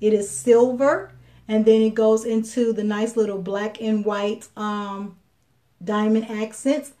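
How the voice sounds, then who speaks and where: A woman's voice: mid-range voice, little pitch movement, slow, warm tone. A woman from Chicago selling jewelry on a live video, chatting casually with many fillers and restarts. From Chicago, Illinois. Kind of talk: live sales stream.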